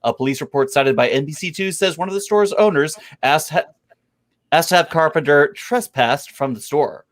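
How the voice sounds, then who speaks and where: A man with a slightly high voice reads odd news stories aloud for his co-hosts. Between stories he slips back into easy, casual banter. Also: moderate pace. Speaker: podcast co-host.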